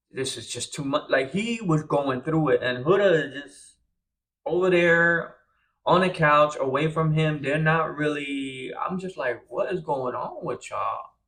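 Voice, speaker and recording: A man's voice: fairly high pitch, vocal fry. Chatty tired young man recapping. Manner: chatty, animated, acts out quotes. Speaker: reality show recap host. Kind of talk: casual recap commentary.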